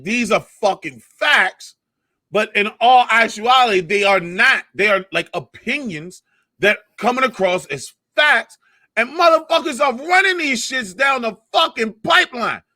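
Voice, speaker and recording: A man co-hosting a casual comedy podcast, ranting with lots of swearing and animated emphasis. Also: high voice, unhurried, dry recording, studio quality. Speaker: podcast co-host.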